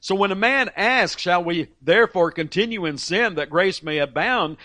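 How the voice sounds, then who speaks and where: Emphatic high-pitched male preacher. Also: bright, forceful tone, no echo. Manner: earnest, emphatic, with frequent restarts and read quotations. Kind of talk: sermon.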